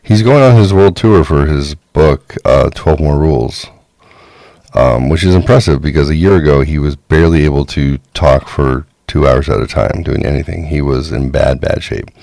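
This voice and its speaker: A man's voice: extremely low pitch, moderate pace, a little mellow, dry recording. A man co-hosting a casual talk show, chatting conversationally and often chiming in to agree. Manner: gravelly, conversational, frequent agreeing. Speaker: podcast co-host. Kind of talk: casual chat.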